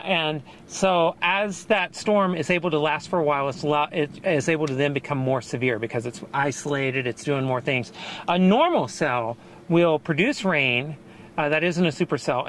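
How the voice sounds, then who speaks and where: A man live-streaming a storm chase, out of breath, explaining weather in an excited, rambling way with quick laughs. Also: a little high, slight background noise. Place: in and around a car outdoors during a storm.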